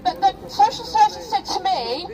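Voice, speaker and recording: Expressive and extremely high in pitch, this middle-aged protest speaker from Rochdale, England, talks at a normal speed, delivering an impassioned, rallying speech outdoors on the street. She repeatedly asks her audience "yeah?" The recording was made at a distance in the open-air crowd.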